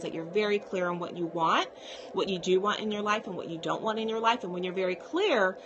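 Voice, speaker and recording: A woman's voice: medium pitch, noisy background. A woman psychiatrist talking casually to viewers on a live stream, reassuring and often checking in with "okay?".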